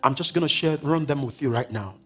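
A male pastor preaching a sermon in a church, swinging from loud declarations to hushed, whispered words. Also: a little high, brisk. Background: faint keyboard music.

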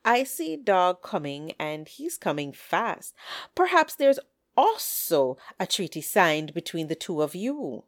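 A woman voicing a wary, sharp-witted old hen who speaks in a dry, skeptical, teasing way. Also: lowish voice, big pitch swings, slow pace, no room sound.

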